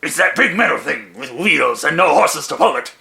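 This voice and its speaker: A man voicing an exasperated skeleton soldier who yells at another skeleton. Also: a little high, animated, normal speed, gravelly, roomy sound, pitched above the performer's own voice, heavily acted. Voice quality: loud, indignant.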